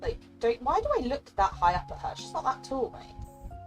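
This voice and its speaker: A giggly, chatty young woman streaming a game live, talking warmly and emotionally to her chat. Her voice sits a little high for a woman, with faint music playing behind her. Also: sing-song, moderate pace.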